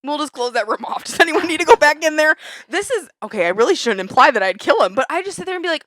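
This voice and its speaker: Young woman, podcast co-host, bright, fairly high voice, heated rant, lots of swearing, dry studio sound. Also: fast, no echo. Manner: heated, ranting, swears a lot; animated, big jumps in pitch when fired up. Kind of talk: casual chat. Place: small studio under a lamp.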